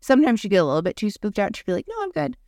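A woman's voice: medium pitch, animated, very fast, a little mellow, no echo, clean studio sound. A woman hosting a podcast, telling a personal story in a casual, chatty way, full of "like". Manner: chatty, heavy use of "like". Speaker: podcast host.

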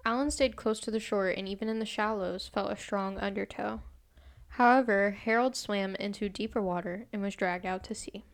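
An American woman hosts a relaxed podcast, reading out a true crime case between bits of banter. She often stumbles over words and laughs at herself. Her voice sits at an everyday middle pitch. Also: normal speed. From United States. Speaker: podcast host.

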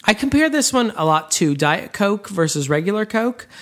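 A man's voice: high voice, big pitch swings, moderate pace, a bit bright. A young man co-hosting a podcast, chatting casually and joking, often slipping into mimicked voices. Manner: jokey, breaks into mimicked voices. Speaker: podcast co-host. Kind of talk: casual chat.

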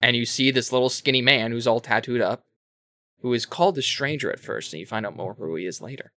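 A man co-hosting a casual talk show, retelling a story in a rambling, animated way with self-corrections and swearing. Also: medium pitch, fast. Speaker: podcast co-host explaining a game. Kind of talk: casual chat.

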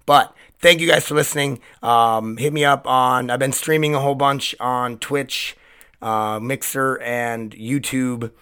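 A man hosting his own solo podcast, his voice hoarse and cracking, rambling in a loose, chatty way with plenty of swearing. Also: medium pitch, fairly even intonation, measured pace, pushed and bright. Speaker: podcast host. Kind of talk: casual solo podcast monologue.

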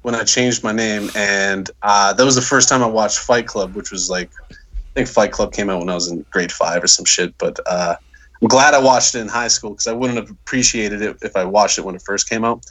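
Man, from canada, podcast guest, low bright voice, casual rambling. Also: fairly even intonation, fairly quick. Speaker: guest rapper. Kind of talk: casual chat.

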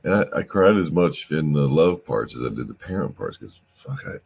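A middle-aged man hosting a rambling late-night podcast, weary and halting, often losing his thread and sounding emotional. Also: very deep voice, lively intonation, vocal fry, a little mellow, slightly rough. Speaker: podcast host.

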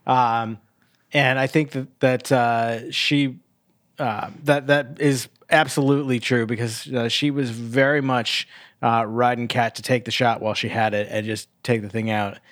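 A man's voice: mid-range voice, steady tone, a little slow, a bit bright, no echo, clean studio sound. A man co-hosting a podcast, casually recapping a TV episode with lots of fillers and restarts. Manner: rambling, many uh fillers and restarts. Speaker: podcast co-host.

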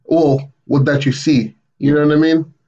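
A man co-hosting a podcast, casually retelling a story plot and acting out the characters' lines with a raised voice. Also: moderate pace. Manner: animated retelling, acts out quotes with raised pitch. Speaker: podcast co-host. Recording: muffled, lo-fi podcast audio.

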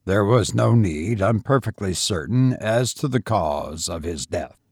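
A man dropping low for a cold guarded husband. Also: expressive, measured pace, darkish tone, breathy edge, dry recording, clean studio sound, heavily acted.

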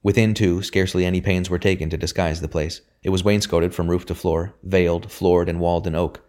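A man narrating a novel chapter in a measured, even storytelling manner. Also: low voice. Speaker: audiobook narrator.

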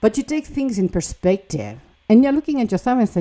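A woman's voice: fairly high pitch, big pitch swings, fairly quick, mellow. A woman giving an earnest motivational monologue, speaking English as a non-native with a plain, encouraging manner. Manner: earnest, encouraging, acts out little quoted dialogues.

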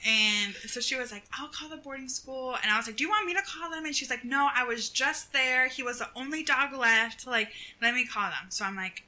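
A young woman co-hosting a casual chat, telling a story in an animated way and acting out what people said. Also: a little high, moderate pace, hardly any pauses, low-quality recording. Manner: animated storyteller, acts out quotes, laughs often. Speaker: podcast co-host.

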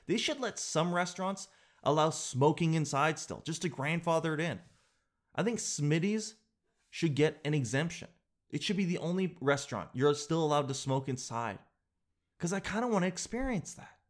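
A man's voice: on the high side, expressive, moderate pace. A man, hosting a daily show in a casual, rambling monologue full of self-mocking jokes. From Canada.

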